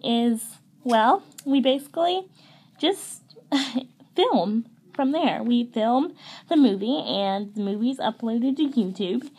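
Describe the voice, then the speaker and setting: A woman's voice: fairly high pitch, darkish tone. A young woman hosting a toy pet video channel, nervous and rambling with lots of ums. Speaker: channel host. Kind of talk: playing toy pets in a home video. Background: background music.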